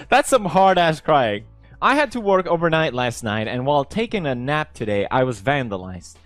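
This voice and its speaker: A man's voice: a little high, expressive, moderate pace, no room sound, faint music behind. A young man from Sweden reading posts aloud in casual commentary, sarcastic and playful, laughing often.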